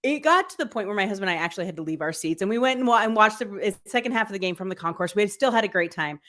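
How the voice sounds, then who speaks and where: A woman's voice: mid-range voice, expressive, rapid-fire, fairly bright tone. A woman co-hosting a casual live football podcast, upbeat and chatty, with plenty of fillers. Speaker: podcast co-host. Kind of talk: casual live-stream chat.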